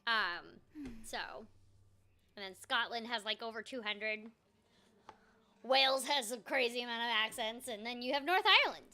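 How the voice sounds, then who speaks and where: A woman's voice: fairly high pitch, moderate pace, pauses often, sharp tone. A woman voice actor streaming a video game, chatting casually and animatedly with frequent ums and self-mocking asides. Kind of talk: casual gameplay chat.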